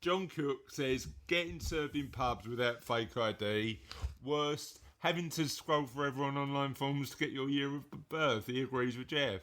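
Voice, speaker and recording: A man hosts a relaxed chat podcast, reading listener replies aloud with a joking, rambling delivery. His voice is bright and forceful at an average pitch. He chuckles through the punchlines and wanders off on asides. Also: normal speed. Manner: jokey, rambling, laughs at his own readings. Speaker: podcast host; father of co-host.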